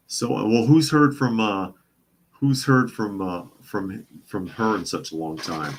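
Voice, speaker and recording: A man's voice: lowish voice, unhurried, slight background noise. A man hosting a casual news commentary show, sarcastic and often repeating his phrases for emphasis. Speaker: host.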